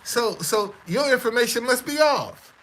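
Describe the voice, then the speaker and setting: Stammering, high-voiced man streamer. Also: animated, normal speed, a bit bright, poor audio. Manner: stammering, repetitive, defiant. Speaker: live stream host. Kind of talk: casual live-stream monologue.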